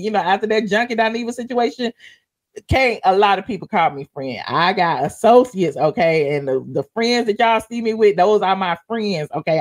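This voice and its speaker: A woman hosting a livestream, chatting sassily about gossip, laughing often and calling viewers honey. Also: fairly high pitch. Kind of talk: casual gossip commentary to live viewers.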